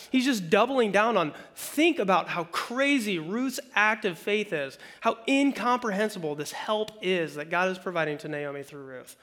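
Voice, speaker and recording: Bright-voiced man preaching conversationally. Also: high voice, normal speed, few pauses. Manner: conversational, animated preaching with acted-out quotes. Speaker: pastor. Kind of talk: sermon.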